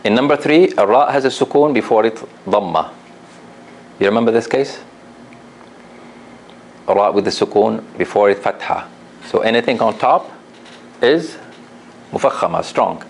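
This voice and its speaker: Gravelly low-voiced man teaching a class. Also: a little hiss or hum. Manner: patient, repeats examples slowly, asks class questions. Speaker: Quran recitation teacher. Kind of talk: classroom lesson.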